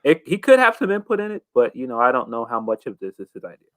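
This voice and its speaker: A man's voice: mid-range voice, big pitch swings, quick pace, dry recording. A man co-hosting a casual wrestling talk show, thoughtful and hesitant, with plenty of fillers. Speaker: podcast co-host.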